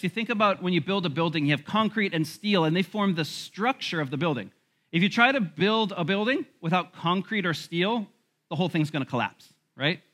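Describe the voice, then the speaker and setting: Male pastor mid-sermon, animated and bright-toned. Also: high-pitched. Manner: animated preaching with laughs and asides.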